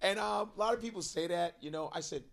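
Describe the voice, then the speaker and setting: A man's voice: high-pitched, fast talker, creaky, a crowd in the background. A male comedian telling stories in casual chat, acting out other people's voices and laughing often. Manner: animated storytelling, acts out voices, laughs often. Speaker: comedian guest.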